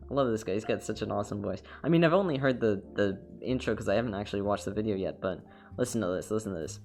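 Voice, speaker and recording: A man's voice: lowish voice, fast, a little mellow. Rambling young-sounding man chatting on stream. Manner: rambling, upbeat, many fillers and restarts. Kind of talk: casual chat while drawing. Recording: faint music behind the voice.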